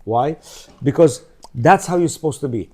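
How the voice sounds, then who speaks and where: Mellow-voiced middle-aged man teaching. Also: on the high side, moderate pace. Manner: conversational, keeps checking in with "yeah?" and "you know"; acts out quoted speech in shifting voices. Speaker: religious teacher. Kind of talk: informal Torah lecture.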